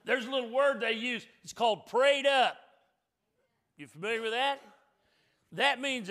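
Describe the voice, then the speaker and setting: A man with a high, bright, ringing voice preaches a sermon in a church. He is emphatic and folksy, going from loud declarations to quiet joking asides to his congregation. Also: a little slow. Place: church sanctuary.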